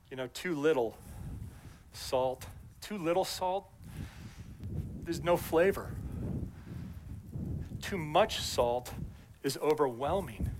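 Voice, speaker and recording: A man's voice: on the high side, a little hiss or hum. Man preaching a conversational sermon. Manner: conversational preaching with repeated phrases and asides. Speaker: pastor.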